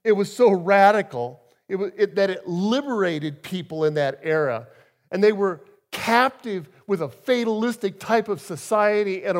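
High-voiced male preacher telling stories. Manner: storytelling, emphatic swings in loudness. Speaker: guest preacher. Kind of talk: sermon.

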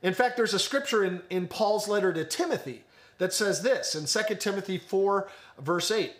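Young pastor guy, high voice, preaching earnestly, repeats stuff for emphasis. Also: animated, normal speed, fairly bright tone. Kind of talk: sermon delivered online.

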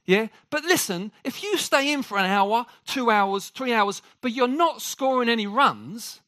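A man preaching a sermon to a congregation. He jokes with the room and talks in an animated way. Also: very high voice, a little slow, no room sound, studio quality.

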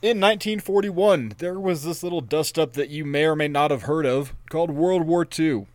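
Guy podcast host telling stories, kinda high voice, swears a lot, dry close mic. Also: normal speed, dry recording. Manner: profane, rambling storyteller. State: drinking. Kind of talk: casual chat.

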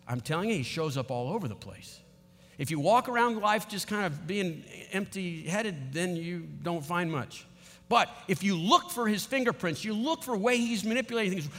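A middle-aged man preaching a sermon in a conversational, animated way, asking the audience questions. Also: sits high, moderate pace, faint music behind. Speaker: pastor. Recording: long reverb of a large hall.

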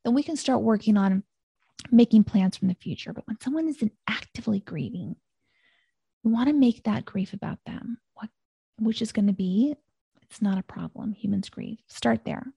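A woman hosting a solo podcast, giving a gentle, reassuring teaching talk that repeats calming phrases. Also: on the high side, normal speed, vocal fry, breathy edge, dry recording. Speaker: podcast host.

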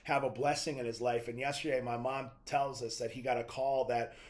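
A man's voice: mid-range voice, level tone, a little fast. A young adult man giving a preaching monologue as a Christian speaker, telling stories in an earnest, conversational way.

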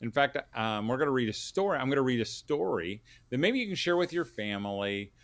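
A man hosting a podcast, chatting in a relaxed, hesitant way and then reading a story aloud to families. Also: medium pitch, brisk, no echo. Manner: relaxed, hesitant, with many fillers. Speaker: podcast host.

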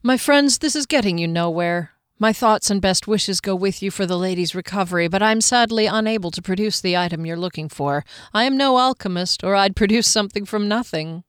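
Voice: mid-range voice, brisk, hardly any pauses, fairly bright tone, smooth, no echo, studio quality, natural voice. A narrator voicing a proud, guarded army major who speaks formally and courteously. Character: stern proud human army major, middle-aged.

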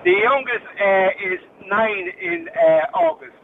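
A man's voice: high voice, expressive, takes it slowly, creaky. A man in his late fifties with an Irish accent, calling in to a radio show and joking easily. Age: 50s. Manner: jokey, easygoing. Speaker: caller. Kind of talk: casual phone chat. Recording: phone line with faint noise.

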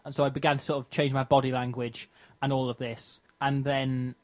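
A young man co-hosting a podcast, telling a funny story in animated fashion and laughing often. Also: mid-range voice, brisk. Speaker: podcast co-host. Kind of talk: casual storytelling chat.

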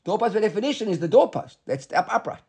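A high-sitting, slightly rough male voice with a darkish tone, very animated and fast. He teaches a Talmud lesson, reading Hebrew and Aramaic phrases aloud and explaining them in English. He keeps asking rhetorical questions and checking in with a repeated "right?"

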